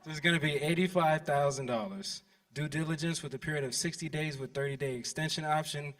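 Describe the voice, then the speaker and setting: Male seminar attendee reading an offer letter, steady delivery, distant mic. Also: a little high, fairly quick. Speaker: seminar participant pitching an offer. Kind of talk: reading a letter of intent aloud. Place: event stage before an audience.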